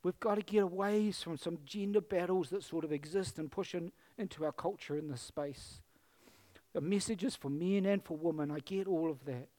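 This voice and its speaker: A man's voice: high-pitched, normal speed, warm tone. A middle-aged male pastor giving an emotional, earnest sermon in church and closing in prayer, pleading with his listeners.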